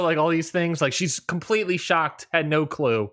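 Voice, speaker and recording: A man's voice: fairly high pitch, moderate pace, hardly any pauses, fairly bright tone. A young man co-hosting a podcast, telling a rambling story in casual chat and laughing often. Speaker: podcast co-host.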